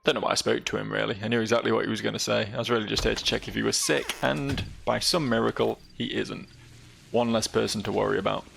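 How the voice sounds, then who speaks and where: A man's voice: on the low side, fairly even intonation, fast talker, vocal fry, fairly bright tone, a little hiss or hum. A man giving casual, wry gameplay commentary as a let's play host. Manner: joking, wry asides.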